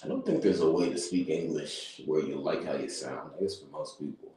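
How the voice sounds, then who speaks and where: A man's voice: a bass voice, a little fast, dark tone. A man streaming as he thinks aloud and takes notes, rambling and breaking into chanted nonsense syllables. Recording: very echoey room, mic far off, faint noise.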